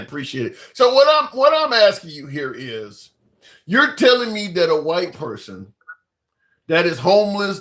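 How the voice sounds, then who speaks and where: A man hosts a live debate, pressing his guest with calm, pointed questions. His voice is fairly high and bright, with a lively rise and fall. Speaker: host. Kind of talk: debate show hosting.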